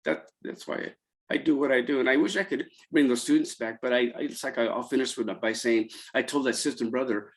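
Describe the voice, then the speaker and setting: A middle-aged man talks through his memories as an interview guest, stopping and restarting often. His voice is mid-pitched, and it jumps up when he quotes the students. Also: rough recording. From Central California. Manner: halting, many restarts and fillers, voice rising when quoting students. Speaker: interview guest, college program founder. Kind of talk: emotional conversational storytelling.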